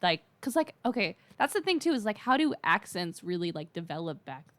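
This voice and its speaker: A woman's voice: lowish voice, very animated, brisk. Gushing, slangy woman podcaster. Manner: gushing, filler-heavy, slangy. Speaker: podcast co-host. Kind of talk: casual podcast chat.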